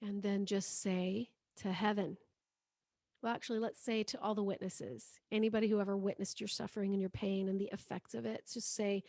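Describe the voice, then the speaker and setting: A woman as a spiritual healing teacher, leading a guided prayer in a soft, slow voice and repeating phrases for listeners to say after her. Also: medium pitch, steady tone, vocal fry, no room sound, clean studio sound.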